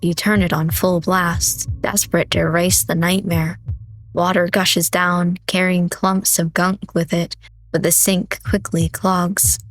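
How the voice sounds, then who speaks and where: A woman streamer reading a horror visual novel aloud in steady, measured, dramatic narration. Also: on the low side. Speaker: game streamer.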